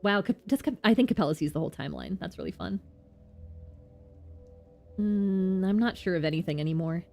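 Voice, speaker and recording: A woman's voice: fairly low pitch, brisk, creaky. A woman streamer chatting playfully while she plays a game. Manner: playful, animated. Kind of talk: casual gameplay commentary. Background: faint game music.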